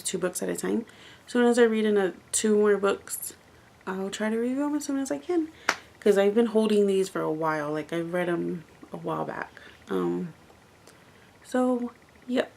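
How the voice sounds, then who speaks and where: In a casual book-review vlog, a woman talks in a chatty, rambling way, leaning heavily on "like." Her mid-range voice has vocal fry and a slightly mellow tone.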